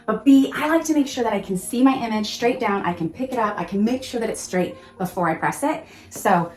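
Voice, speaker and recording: A woman hosting a casual crafting tutorial, gushing and excitable, often exclaiming over her work. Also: on the high side, fairly quick, reverberant. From Pacific Northwest of the US. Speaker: crafting channel host.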